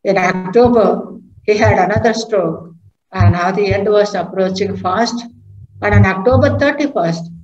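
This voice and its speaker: A religious sister reading a congregation's history aloud, in a measured, careful way with occasional restarts. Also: female voice, medium pitch, darkish tone. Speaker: religious sister giving a reflection. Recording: echoey, dull recording with faint noise.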